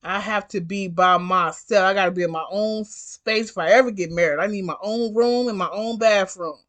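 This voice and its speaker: A woman's voice: medium pitch, normal speed, a bit bright. A woman who drives for a rideshare service, telling a story in a vlog in a blunt, emphatic way and repeating herself for stress.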